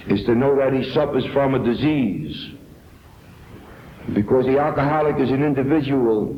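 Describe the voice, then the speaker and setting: A man's voice: medium pitch, a little hiss or hum. Earnest man on an echoey old tape. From New York. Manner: earnest, emphatic, deliberate. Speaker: recovery meeting speaker. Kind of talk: personal testimony talk. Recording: echoey, dull 1970s tape recording.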